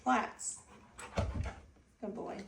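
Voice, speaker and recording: A woman talking in a coaxing, sing-song baby talk to her pet dog at home, recorded from a distance in an echoey room with background noise. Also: drawn-out words. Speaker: dog owner.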